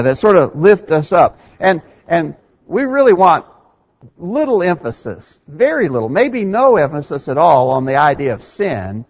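A male preacher delivering a sermon, emphatic, his voice climbing higher and louder to drive points home. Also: breathy edge. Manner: emphatic, rises in pitch and volume for stress. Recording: dull lo-fi recording.

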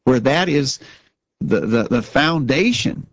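A man's voice: medium pitch, lively intonation, takes it slowly, no echo, muffled recording. A man co-hosting a religious talk show, speaking earnestly and often repeating words as he starts a sentence. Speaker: radio show co-host.

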